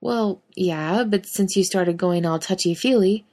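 A woman reading fan fiction aloud, voicing a gruff young male hunter who swears bluntly and fumbles for words. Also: on the low side, measured pace, dark tone.

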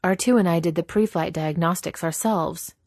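A woman's voice: lowish voice, moderate pace, darkish tone, no echo, clean studio sound. A woman reading aloud, voicing an earnest young male hero, urgent and defensive.

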